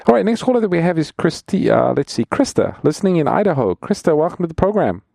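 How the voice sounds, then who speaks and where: A man's voice: on the high side, very animated, fast talker, vocal fry, mellow, dry recording, clean studio sound. A man co-hosting a call-in Bible radio show as a pastor, introducing callers and announcing free offers.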